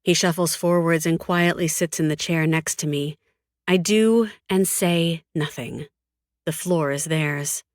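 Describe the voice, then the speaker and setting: A woman narrating a first-person audiobook in a cold, flat, defiant tone, with frequent swearing. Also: sits low, no room sound, clean studio sound.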